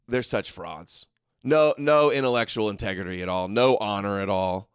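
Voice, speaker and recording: A man's voice: lowish voice, normal speed, clean tone, no room sound, clean studio sound. A man hosting a live political commentary show, talking in a combative, mocking way and arguing with viewers in the chat. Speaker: host.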